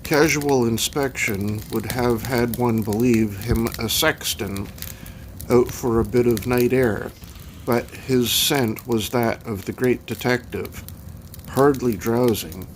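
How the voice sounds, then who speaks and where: Male audiobook reader, slow, measured, reflective, horror novel narration. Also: medium pitch, a little hiss or hum.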